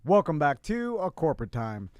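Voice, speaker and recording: High-pitched excitable man telling a story. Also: normal speed, no room sound. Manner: rambling storyteller, excitable and laughing. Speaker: radio show co-host. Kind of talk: casual banter.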